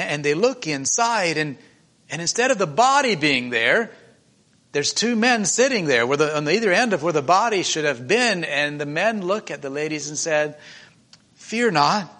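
A man's voice: fairly high pitch, sharp tone. A man preaching in a church meeting, retelling a scripture story in an emotional, conversational way with many restarts.

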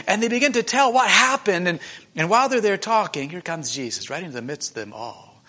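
A man with a high, bright voice preaches to a church meeting. He retells the story emotionally and conversationally, with frequent restarts. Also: animated, fairly quick. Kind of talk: sermon retelling a scripture story.

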